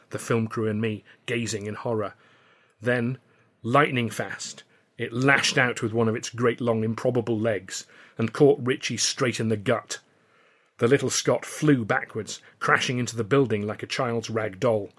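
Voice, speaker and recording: A man reading his own novel aloud as a first-person audiobook narration, measured and dramatic, slowing down at tense moments. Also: medium pitch, a bit bright.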